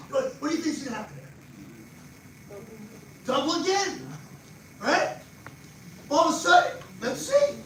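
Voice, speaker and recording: An older man with a New Jersey accent gives a live money seminar. He talks fast and animated and quizzes people in the audience. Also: very high-pitched. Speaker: financial speaker. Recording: echoey far-off room mic with noise.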